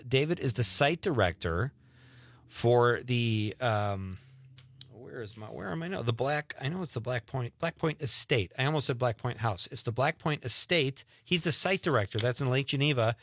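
A man's voice: medium pitch, a bit bright, no echo. A man hosting an evening radio show, chatting in a rambling way with self-deprecating asides, in a studio. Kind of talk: casual radio chat. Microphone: studio microphone.

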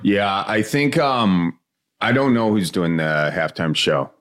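A man chatting casually as a podcast co-host, asking quick, teasing questions. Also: sits low, a bit bright. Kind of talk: casual chat.

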